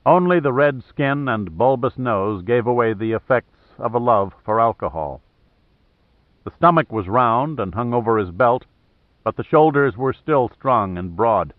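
A man narrating an audiobook in a steady, measured way. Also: medium pitch, no room sound. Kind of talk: scripted narration. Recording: thin phone-like dry audio.

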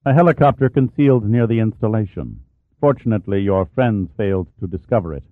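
A cold Soviet general who speaks in formal, measured tones, as a male narrator puts him on. Low and menacing, with a dry, narrow, phone-like sound. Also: no echo, natural voice. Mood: icy.

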